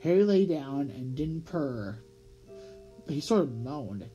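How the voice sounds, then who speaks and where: Expressive audiobook reader with a mellow, warm voice and small slips. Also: mid-range voice, takes it slowly, faint music behind, poor audio. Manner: expressive, lively read-aloud with small slips. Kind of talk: storybook read-aloud narration.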